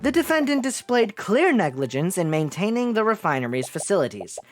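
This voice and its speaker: Man doing cold formal prosecutor, measured, lively pitch. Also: soft background music.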